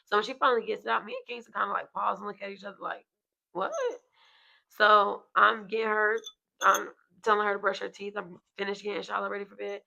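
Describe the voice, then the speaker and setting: Gravelly, bright-voiced mother telling a story. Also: medium pitch, a little fast, rough recording. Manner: animated storyteller who acts out quotes, swears freely. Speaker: podcast co-host and mother. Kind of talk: casual chat, storytelling.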